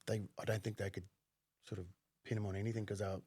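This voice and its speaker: A man's voice: on the low side, flat delivery, very fast, darkish tone, breathy edge, dry recording. A man with an Australian accent telling stories on a podcast in a blunt, profane way, laughing often. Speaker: podcast guest, former undercover cop. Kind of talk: casual storytelling.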